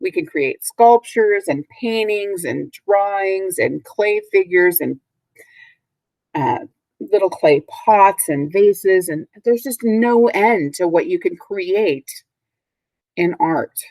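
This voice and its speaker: A woman teacher giving a recorded vocabulary lesson to young children, speaking patiently and clearly and repeating each word for the class to echo. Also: mid-range voice, lively intonation, slow, darkish tone. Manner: patient, clear, models words for repetition. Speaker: third grade teacher.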